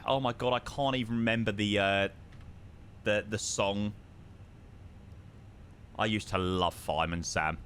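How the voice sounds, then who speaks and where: Speaking in a lowish, steady, fairly bright voice, this southern English flight sim streamer takes his time and pauses often. He reads out viewer messages and curses freely in a casual live stream, with a little hiss or hum in the audio.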